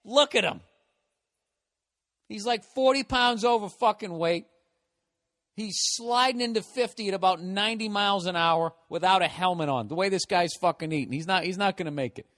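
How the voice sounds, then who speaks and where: A man's voice: high voice, brisk, fairly bright tone. A male comedian in a profane, exasperated comedic rant.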